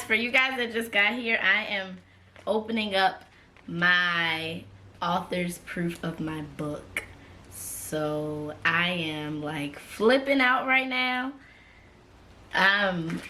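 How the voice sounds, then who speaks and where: Young woman, emotional vlogger, very slow pace, casual slang, laughing and gasping, faint background noise. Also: medium pitch, sharp tone. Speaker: author and YouTuber. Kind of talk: excited unboxing vlog.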